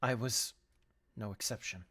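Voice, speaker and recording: A man's voice: on the low side, measured pace, slightly rough. A young man streaming, reading a game aloud with friends and joking between lines. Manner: animated, laughing between lines. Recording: live stream with faint music.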